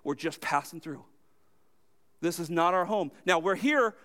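High-voiced emphatic preaching man. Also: expressive, measured pace. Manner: emphatic, swinging between loud high lines and low quiet ones; asks the congregation questions and answers them. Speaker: pastor. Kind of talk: sermon.

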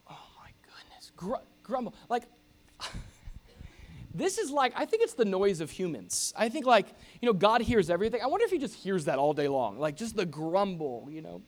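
A middle-aged pastor preaching a sermon in an animated, jokey way, acting out grumbling noises. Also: male voice, high voice, fairly quick, hardly any pauses.

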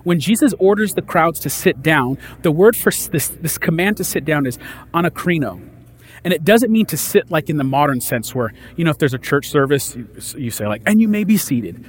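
Pastor, man, chatty teaching sermon, slightly high-pitched, light background noise. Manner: conversational, animated, acts out disciples' lines.

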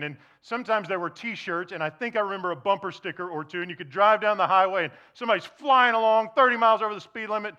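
A man preaching a sermon to his congregation in a conversational, animated way, dropping to soft, intense emphasis. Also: high voice, fast, few pauses, dull audio. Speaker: pastor. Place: church before a congregation.

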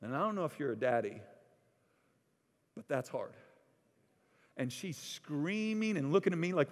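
Animated preacher in a reverberant hall. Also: male voice, a little high, a little slow, pauses often. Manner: animated storytelling, swings from loud to hushed. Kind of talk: sermon.

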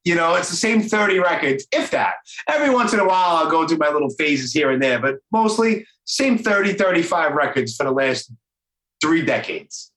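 Middle-aged New York podcast host, rambling and loose, brightish voice a little above average pitch. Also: male voice, animated, moderate pace, reverberant, rough recording. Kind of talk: casual interview chat. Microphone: video call.

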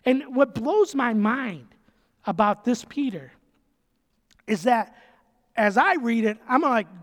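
Man, pastor, very high voice, emphatic conversational sermon, repeats himself, long hall reverb. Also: expressive, slow pace, long pauses, a bit bright. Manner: emphatic, repeats phrases, casual asides.

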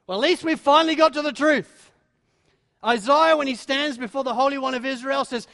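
A man preaching a sermon, acting out the voices of biblical figures, dropping to a hush and then building to loud, dramatic peaks. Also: very high voice, normal speed. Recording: long hall reverb.

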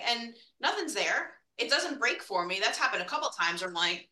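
A woman's voice: a little high, expressive, moderate pace, hardly any pauses, sharp tone, a little hiss or hum. A woman from North Jersey hosting a podcast, chatty and telling everyday stories in casual talk. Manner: chatty, storytelling. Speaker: podcast host. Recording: echoey room.

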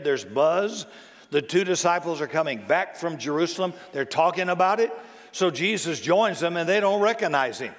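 Male pastor with a somewhat high voice, preaching conversationally and quizzing the congregation, with long church reverb. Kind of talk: sermon. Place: church sanctuary.

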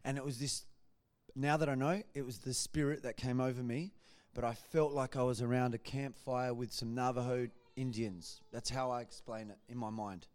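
A man giving a church testimony, telling his story in a lively way and acting out what people said. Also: mid-range voice, moderate pace. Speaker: guest speaker giving testimony.

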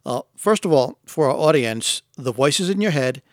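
A man's voice: fairly high pitch, lively intonation, normal speed, no echo. Man hosting a podcast, dry sound. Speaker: podcast host. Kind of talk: interview questions and summary.

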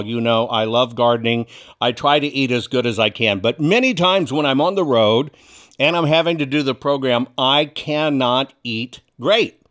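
A man's voice: medium pitch, a bit bright. A man hosting his own political commentary show, talking emphatically and sarcastically and addressing viewers as folks. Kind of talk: opinionated commentary monologue.

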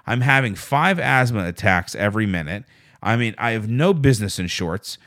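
A man's voice: on the low side, animated, moderate pace, fairly bright tone. A man hosting a solo podcast, telling a rambling, self-deprecating story with plenty of swearing. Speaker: podcast host.

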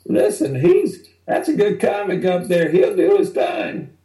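A man squeaking out a club owner's voice. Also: very animated, a little slow, vocal fry, warm tone, reverberant, distant mic, heavily acted. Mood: defensive. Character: indignant male comedy club owner.

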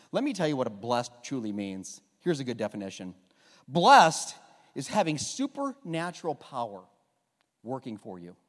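Guy preaching in a church, lots of jokes, voice bouncing up and down. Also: medium pitch. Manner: animated, jokey, asks the congregation to repeat lines. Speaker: pastor. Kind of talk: humorous sermon. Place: church sanctuary. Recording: long hall reverb.

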